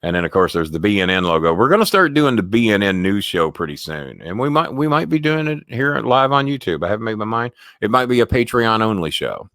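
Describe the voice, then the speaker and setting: A man's voice: on the low side, big pitch swings, fairly quick, hardly any pauses, a bit bright, no room sound, clean studio sound. A man hosting a casual live sports talk stream from home, chatty and rambling, swearing loosely.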